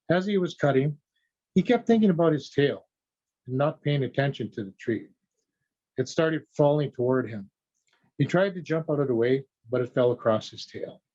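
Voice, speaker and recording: A man's voice: mid-range voice, a little mellow. Man telling teachings, lo-fi sound. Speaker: conference speaker. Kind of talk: teaching and storytelling. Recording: dull lo-fi audio.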